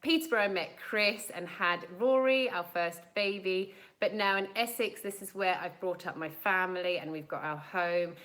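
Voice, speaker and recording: Chatting live with viewers, a woman from South Africa in her thirties fields their questions, filling her speech with fillers and short bursts of laughter. The audio is poor, and her lowish voice comes across a bit bright.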